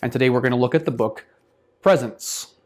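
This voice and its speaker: A casual man hosting his own self-improvement channel, talking a viewer through a book. He speaks at a mid pitch, animated and loose, acts out his examples and drops the odd swear word. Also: a little fast. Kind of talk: casual talk to camera.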